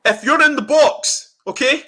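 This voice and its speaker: A man's voice: extremely high pitch, measured pace. A young man, hosting a football fan reaction show, ranting angrily and swearing in a heated chat. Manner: angry, ranting, swearing, animated. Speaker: fan channel host.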